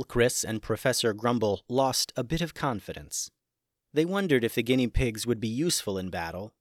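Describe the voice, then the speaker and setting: A man narrating a children's adventure story, shifting expressively between hushed suspense and excitement. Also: on the low side, no echo, studio quality.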